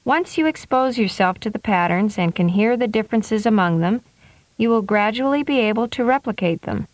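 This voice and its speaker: A woman reading scripted instructions for a pronunciation course in a clear, deliberate way. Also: fairly high pitch, expressive, dry recording. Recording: dry studio recording.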